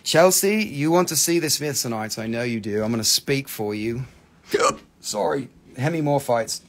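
A man's voice: medium pitch, expressive, moderate pace. A man selling minerals on a live stream, chatting casually and rambling, tired after hours on air. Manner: chatty, rambling, puts on crazy accents. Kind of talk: casual live sales chat.

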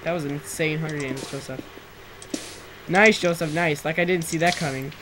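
A teenage boy chatting casually while gaming with a friend, excitable and quick to shout, his throat sore from screaming. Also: a little high, very noisy. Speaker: gameplay commentator. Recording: loud keyboard typing and clicks.

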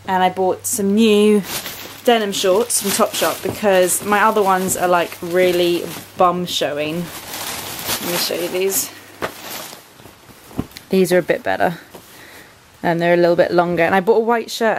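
A woman's voice: mid-range voice, a little hiss or hum, poor audio. A woman in her twenties with an English accent, chatting casually in a vlog at home, rambling with plenty of ums and likes as she shows her clothes. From England. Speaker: vlogger. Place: bedroom at home.

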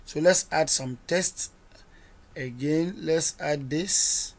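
Coding tutor, measured slow delivery, narrates each edit aloud, quizzes listeners with rhetorical questions. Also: mid-range voice. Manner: narrates each editing step as they go. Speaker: coding instructor. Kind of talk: screen-recorded coding tutorial.

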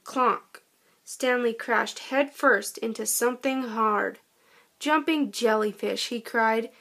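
A woman reading a children's storybook aloud in a gentle, expressive way. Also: fairly high pitch, takes it slowly, creaky. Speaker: storybook narrator.

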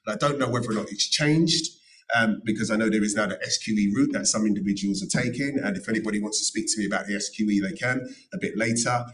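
Earnest low-voiced man, heard from afar. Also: fast talker, a bit bright, far from the mic, rough recording. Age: middle-aged. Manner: earnest, emphatic advice with repeated phrases. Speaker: panel speaker, notary and former solicitor. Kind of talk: panel talk at a careers event. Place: event room.

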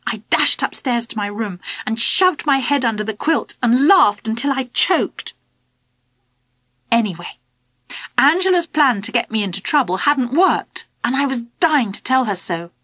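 A woman narrating a children's audiobook in the first person, in a lively storytelling manner. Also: on the high side, a little slow, no room sound.

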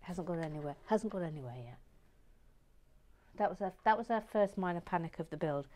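A woman hosting a relaxed building stream, chatting softly and playfully while reading out viewer comments, often dropping to a murmur or whisper. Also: lowish voice, fairly quick. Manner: soft-spoken, drifting between murmurs and whispers, gently playful. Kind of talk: casual chat while building.

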